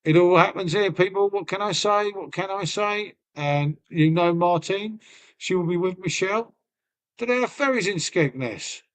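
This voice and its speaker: With a high, expressive voice at a moderate pace, a man from Lincolnshire, England, chats casually on his live stream. He banters with his viewers and swears without restraint. He calls everyone mate, his folksy speech peppered with "mate" and "innit."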